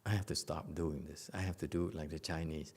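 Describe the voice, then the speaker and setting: A man's voice: extremely low pitch, fairly even intonation, fairly quick, darkish tone, slightly rough. A man giving a Buddhist dharma lecture in a meditation hall, blunt and teasing, with many fillers and restarts. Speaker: Buddhist master.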